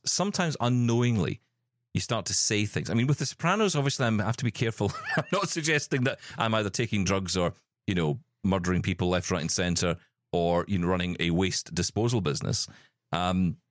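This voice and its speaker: A man's voice: low-pitched, no room sound, studio quality. A man hosting a tech podcast in casual, jokey chat with his guests. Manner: chatty, jokey, animated. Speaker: podcast host.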